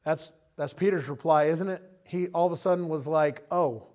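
Man, preacher, sermon, conversational, chuckles often, slightly high voice. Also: fairly even intonation, normal speed, darkish tone. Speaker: pastor.

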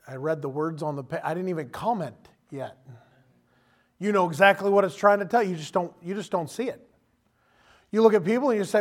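A man preaching a sermon in a conversational, animated way, acting out quotes as he goes. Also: high-pitched, a little fast.

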